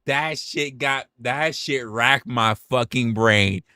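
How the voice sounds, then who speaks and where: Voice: medium pitch, takes it slowly, bright, forceful tone, clear, resonant tone, no room sound, clean studio sound. A livestreamer chatting casually with viewers, swearing, laughing and exclaiming.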